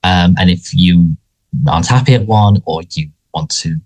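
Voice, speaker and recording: A man's voice: low-pitched, normal speed, darkish tone. A man co-hosting a casual podcast, talking with lots of fillers, restarts and hesitations. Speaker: podcast co-host.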